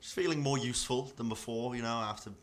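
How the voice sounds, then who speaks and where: A man narrating as dungeon master for a tabletop game, rambling and relaxed, with many fillers. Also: mid-range voice, quick pace.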